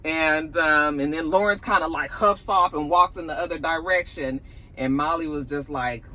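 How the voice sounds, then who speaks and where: A woman who reviews TV for her channel casually recaps an episode on her lunch break at work, telling it with animation and acting out the characters' lines. Her voice sits low and she speaks at a normal speed.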